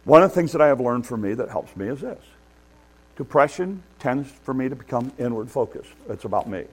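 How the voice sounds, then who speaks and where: A man's voice: medium pitch, expressive, brisk, breathy edge. A man preaching a sermon in an earnest, conversational way, building emphasis as he makes his points. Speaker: pastor. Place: church.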